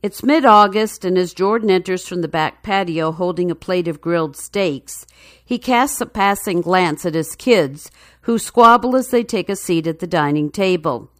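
Female narrator for a news feature: low voice, dry close sound, measured and even. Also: dry recording.

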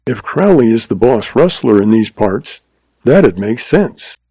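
A big rustler-hunting cowboy talks in a terse, gritted drawl, as a man reads him. The voice is gravelly and dark. It sits close and dry in a storybook reading. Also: medium pitch, very animated, unhurried, no echo, heavily acted, rough recording. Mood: hard, tense. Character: big, tough male cowboy rustler hunter.

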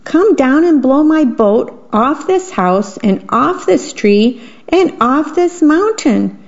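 A woman reading a bedtime story puts on a tiny, impatient boy mouse bellowing up at the sky from his sailboat, his voice jumping high and squeaky. The calls come out slow and drawn, and the whole thing sounds muffled and lo-fi, as if heard over an old radio. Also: big pitch swings, full character voice. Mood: shouting. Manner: loud calling, high squeaky shouts. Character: small male mouse sailor, impatient, shouting at the wind. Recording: dull lo-fi radio broadcast.

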